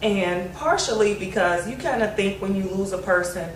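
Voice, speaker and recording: A woman's voice: medium pitch, normal speed. Reflective woman in an echoey room. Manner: reflective, laughs between thoughts. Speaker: grieving daughter sharing memories. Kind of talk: candid family conversation. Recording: roomy, distant mic, faint hiss.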